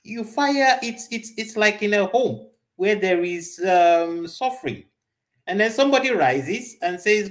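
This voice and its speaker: A woman, a panel guest who starts haltingly with fillers and then builds her argument with proverbs. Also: mid-range voice, sing-song. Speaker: panel speaker. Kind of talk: talk-show commentary.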